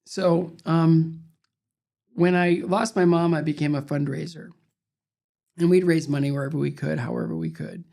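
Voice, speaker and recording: A former figure skater, now a gravelly older man, tells stories as an interview guest at a moderate pace in a voice on the high side. He's an animated storyteller who acts out quoted voices in conversation.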